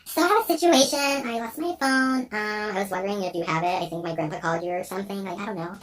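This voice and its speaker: A young man voicing his naive fifteen-year-old self in a squeaky, pleading tone. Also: fast, fairly bright tone.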